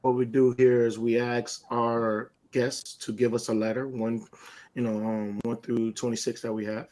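A man's voice: medium pitch, level tone, moderate pace, a little mellow, low-quality recording. Playful teasing male co-host. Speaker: podcast co-host. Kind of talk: casual chat.

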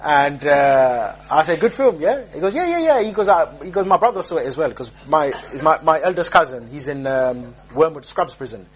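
A man's voice: fairly high pitch, expressive, moderate pace, hardly any pauses. A young man giving an informal religious talk, telling jokey street stories and mimicking the people in them. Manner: joking, streetwise storytelling with mock voices. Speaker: preacher.

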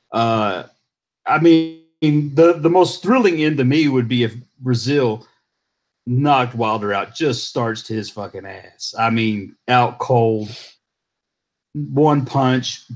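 A man talks casually on a podcast in a blunt, dismissive way and swears freely. His voice sits in a middle pitch. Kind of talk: casual boxing chat.

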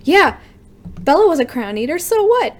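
A woman's voice: extremely high pitch, sing-song, normal speed. A woman podcast host casually reading fan fiction aloud with playful, dramatic asides.

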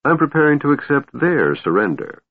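A man voicing a cold, scheming female warlord who speaks coolly and smoothly. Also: on the high side, big pitch swings, moderate pace, no echo, pitched above the performer's own voice, heavily acted. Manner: cool, cutting, smooth. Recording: narrow phone-like sound, dry.

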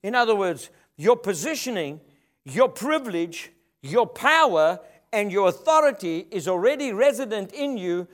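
A man's voice: sits high, big pitch swings, moderate pace, a bit bright. A man preaching a sermon, emphatic and rhythmic, often asking the congregation for an amen. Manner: emphatic, call-and-response preaching.

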